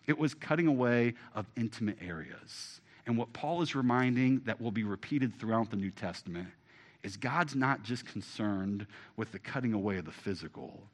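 A man preaching a sermon, emphatic and asking his listeners direct questions, swinging from loud to hushed. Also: on the low side, animated, normal speed. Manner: asks the congregation direct questions. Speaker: pastor.

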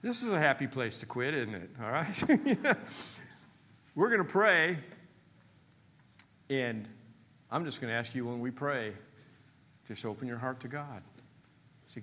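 Emphatic preacher man, bright voice. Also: mid-range voice, moderate pace, in a large hall. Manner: animated, emphatic preaching that drops to soft, hushed appeals. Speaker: pastor. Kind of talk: sermon. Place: church sanctuary.

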